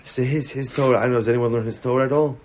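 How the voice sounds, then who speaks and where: A man, a rabbi, giving a Torah class to students, repeating his key lines and swinging between raised emphasis and quiet, low storytelling. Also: racing. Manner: animated teaching, repeating key lines, rising for emphasis, dropping low for stories; sings short snatches of a melody.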